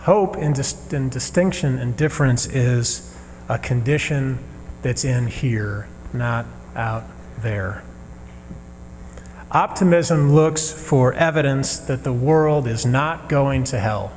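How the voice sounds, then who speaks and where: Slow, earnest male minister preaching. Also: medium pitch, darkish tone. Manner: earnest, measured preaching with pauses. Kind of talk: sermon. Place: church sanctuary. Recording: reverberant sanctuary with faint hum.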